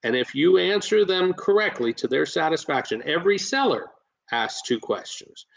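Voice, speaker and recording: Man with a gravelly voice on a podcast, kinda high for a guy, chatty and coaching, lots of uhs and restarts. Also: normal speed, low-quality recording. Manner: animated, coaching tone with many restarts and fillers. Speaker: real estate investor guest. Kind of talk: casual podcast storytelling.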